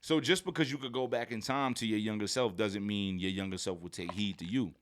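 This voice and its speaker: Guest rapper, New man, a touch low-voiced, animated storyteller who slips into quoted voices. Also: fairly quick. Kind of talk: casual interview conversation.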